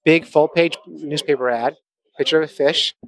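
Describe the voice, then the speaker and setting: A man's voice: a little high, steady tone, normal speed, gravelly, no echo. A man hosting a podcast live at a conference, chatting casually with jokey, self-mocking asides. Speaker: podcast host. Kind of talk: casual chat at a conference table. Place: conference venue.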